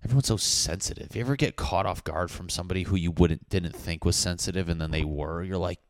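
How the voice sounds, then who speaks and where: A man's voice: low-pitched, fast talker, hardly any pauses, no echo, clean studio sound. A man talking casually to camera as a comedian, in a profane, teasing, mock-insulting rant. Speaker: comedian vlogger.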